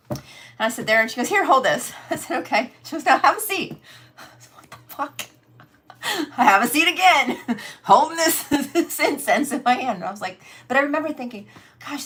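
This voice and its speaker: A woman's voice: mid-range voice, a bit bright. Chatty woman tarot reader telling stories. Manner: chatty, laughs often, addresses viewers as "you guys". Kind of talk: casual livestream storytelling.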